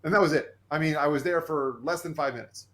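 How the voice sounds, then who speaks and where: A man who is a podcast guest, telling a personal story in an earnest, animated way and acting out the voices he quotes. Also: fairly high pitch, fast.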